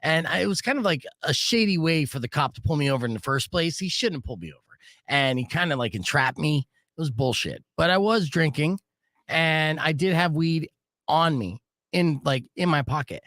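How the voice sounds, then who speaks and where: A man's voice: fairly high pitch, lively intonation, normal speed, fairly bright tone, no echo. A man hosting a live radio show, telling stories in a brash, casual way and swearing freely from a studio mic. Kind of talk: casual on-air storytelling.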